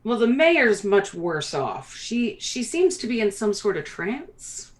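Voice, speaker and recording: A woman's voice: medium pitch, very animated, slow pace. A woman voicing a kindly, fretful middle-aged female dwarf mayor who speaks in a motherly, hesitant way. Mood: somber. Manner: motherly, hesitant, hushed when delivering bad news.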